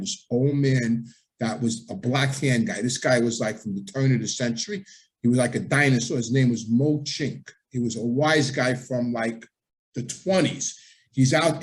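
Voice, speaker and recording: A middle-aged man, telling a story as a podcast host, acting out the voices he quotes and swearing freely. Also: a little high.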